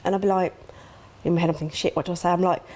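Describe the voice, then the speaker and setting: A woman's voice: lowish voice, little pitch movement, racing, darkish tone. A middle-aged woman, a grieving mother, talking candidly and emotionally in an interview, acting out remembered dialogue with sudden gasps.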